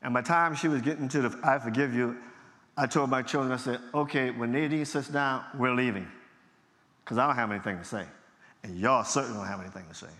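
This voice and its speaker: A man's voice: mid-range voice, quick pace, a bit bright. A middle-aged man, a pastor telling his story, acting out the dialogue and laughing at himself. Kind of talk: storytelling testimony talk. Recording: long hall reverb from a large venue.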